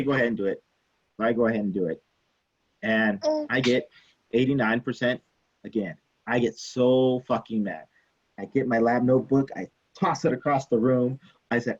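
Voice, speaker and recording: A man teaching chemistry in a casual, animated way, telling a story from his own student days and acting out the people in it. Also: mid-range voice, dull audio. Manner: animated, acts out quoted people, swears casually. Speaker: chemistry instructor.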